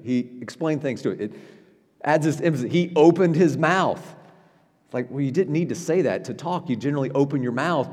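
A man preaching as a pastor in a church, talking in a conversational way with frequent "right?" asides and quick restarts. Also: a little high, darkish tone, long reverb tail. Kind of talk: sermon. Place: church sanctuary.

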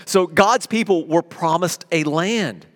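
A man preaching a sermon as pastor, animated and conversational, with everyday examples. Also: a little high, takes it slowly, long reverb tail.

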